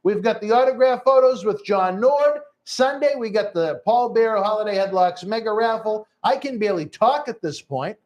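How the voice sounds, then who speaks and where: A man's voice: high-pitched, expressive, moderate pace, hardly any pauses, darkish tone, muffled recording. A man hosting a live interview, joking around and plugging upcoming events in a promo style. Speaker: host.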